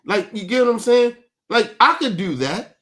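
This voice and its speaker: A man's voice: very high-pitched, big pitch swings, moderate pace, a bit bright. A man hosting an online talk show, giving blunt, profane commentary and often asking "right?". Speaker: show host. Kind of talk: casual commentary.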